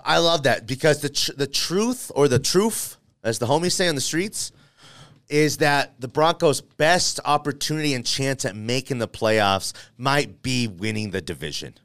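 Playful animated male sports talk host. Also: mid-range voice, normal speed, no room sound. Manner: animated, playful, thinks aloud with restarts. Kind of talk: casual sports debate.

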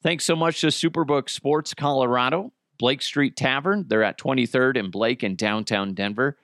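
A man's voice: mid-range voice, a bit bright, no echo, studio quality. A man hosting a solo comedy podcast, rambling and self-deprecating, with frequent swearing. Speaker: podcast host.

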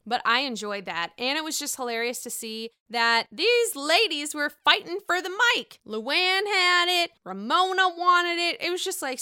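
Bright, chatty woman recapping reality TV. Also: fairly high pitch, smooth, dry recording, clean studio sound. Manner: chatty, profane, playfully sarcastic. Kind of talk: casual episode recap.

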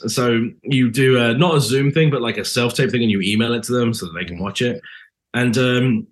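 A man with a British accent, an actor guest chatting in a casual podcast interview, animated and full of lively swings in pitch. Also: brisk.

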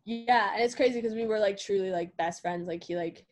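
Young woman podcast co-host, casual, animated storyteller, curses freely, heavy filler. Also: medium pitch, fairly quick. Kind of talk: casual chat.

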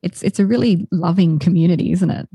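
A woman's voice: lowish voice, fast talker, warm tone, breathy edge, dry recording. A woman with an Australian accent, a podcast co-host chatting casually as a guest and laughing often.

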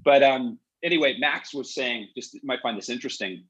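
A man's voice: medium pitch, brisk, slightly rough, poor audio. A man hosting a podcast, telling long digressive stories in casual chat. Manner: animated storyteller, digressive. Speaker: podcast host.

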